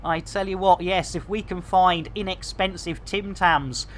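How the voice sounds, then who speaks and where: A man's voice: high-pitched, fairly even intonation, a little slow, fairly bright tone. Barnsley man, middle-aged, game streamer, playful banter, catchphrases. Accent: Barnsley, Yorkshire. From England. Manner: jokey, chatty, with playful catchphrases. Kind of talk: live gameplay stream chat.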